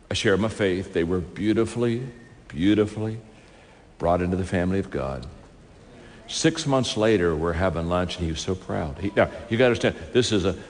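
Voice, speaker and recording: Low-voiced male speaker, lively sermon storyteller, in a hall with long reverb. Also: slight background noise. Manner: animated, acts out dialogue in his story. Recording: reverberant hall, faint ambience.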